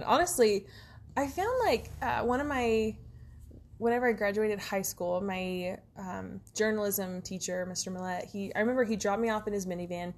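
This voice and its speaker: Woman podcast co-host, rambling storyteller, easygoing chat, mid-range pitch. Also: a little mellow. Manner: rambling storyteller, many fillers. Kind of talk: casual chat.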